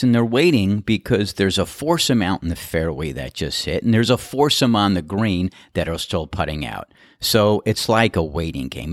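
A man's voice: low voice, dry recording, clean studio sound. A man working as a golf course starter, telling a story in a casual monologue and acting out the voices of the people in it. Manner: animated storyteller who acts out others' voices.

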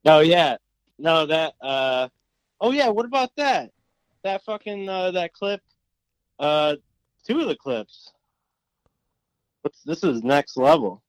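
A man's voice: on the high side, big pitch swings, takes it slowly, long pauses, no echo. A young man in casual podcast chat, rambling and filling his talk with "like". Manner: rambling, filler-heavy with lots of "like". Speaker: podcast co-host.

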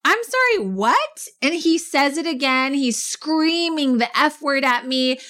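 A woman co-hosting a casual podcast chat, telling stories in an animated, emphatic way. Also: high voice, measured pace. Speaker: podcast co-host.

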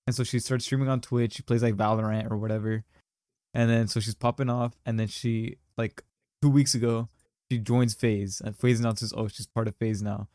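A man's voice: mid-range voice, flat delivery, normal speed, a little mellow, dry recording, studio quality. Young man rambling through gossip. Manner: rambling, slangy, many fillers. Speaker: podcast host. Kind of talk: casual chat, storytelling.

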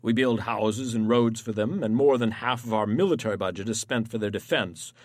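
An actor playing a smug, self-assured male island official who explains things calmly and formally in an audio drama. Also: fairly low pitch, fairly quick, dry recording, lightly acted.

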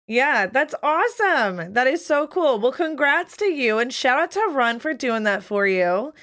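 A woman hosting a live stream podcast, upbeat and casual, shouting out viewers. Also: high voice, sing-song, unhurried. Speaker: podcast host.

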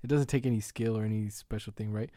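A man's voice: fairly low pitch, steady tone, quick pace, dark tone, no echo, studio quality. A man co-hosting a podcast in casual chat, earnest and rambling with lots of fillers. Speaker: podcast co-host.

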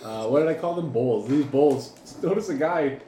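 Man running a lively tabletop game. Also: fairly high pitch, moderate pace, echoey room, a little hiss or hum. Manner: laughing, animated narration. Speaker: game master.

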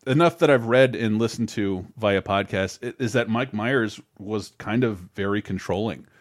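A man's voice: fairly low pitch, normal speed, no room sound, clean studio sound. A man in his thirties co-hosting a podcast in casual chat, rambling and swearing with many restarts. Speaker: podcast co-host.

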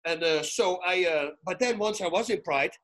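A man, a retired fighter turned commentator, telling animated stories as a podcast guest and acting out the dialogue. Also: high-pitched, normal speed. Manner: excitable, acts out quoted dialogue, frequent restarts. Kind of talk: animated storytelling in casual chat.

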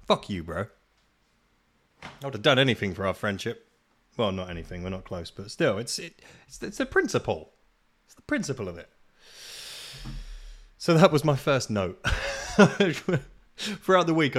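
A man's voice: on the low side, very animated, a little fast, long pauses, a bit bright. A man hosting a solo podcast, ranting in a casual, exasperated way with plenty of swearing and self-deprecating laughs. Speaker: podcast host.

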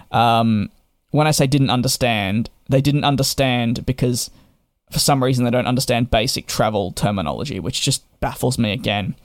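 A man's voice: mid-range voice, no echo, studio quality. A young man tells a frustrated storytime rant to camera. He sounds exasperated and sarcastic. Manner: exasperated and sarcastic, with repeated restarts. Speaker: travel vlogger.

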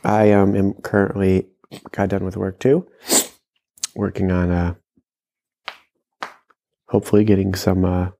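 A man's voice: deep voice, flat delivery, a little slow, creaky, long pauses, dark tone. Rambling, laughing male storyteller. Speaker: podcast co-host. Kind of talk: casual chat.

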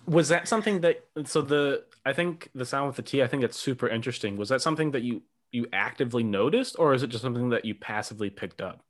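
Podcast host: a man with a mid-pitched voice, casual and curious. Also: fast talker, hardly any pauses. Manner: relaxed and curious, with "um" and light laughs. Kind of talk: casual interview chat.

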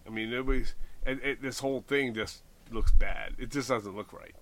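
Forceful-sounding man chatting about models. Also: mid-range voice, fairly even intonation, moderate pace. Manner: rambling, self-deprecating, many fillers. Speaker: model railroad hobbyist podcast host. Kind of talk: casual chat.

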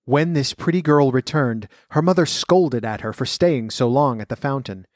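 A man reading a fairy tale aloud and commenting on its folklore roots in a measured, clear voice. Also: medium pitch, a little mellow, dry recording, clean studio sound. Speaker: storyteller.

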